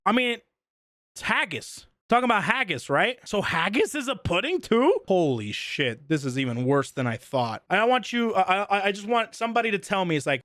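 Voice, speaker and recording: A man's voice: high voice, fairly bright tone, no echo, clean studio sound. A man streaming live, ranting in an exasperated, incredulous way in casual chat.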